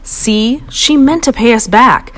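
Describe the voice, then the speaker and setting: A woman reading a children's picture book aloud in a playful storytelling voice. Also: takes it slowly. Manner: animated, playful, pitch jumps high for voices. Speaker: storybook reader.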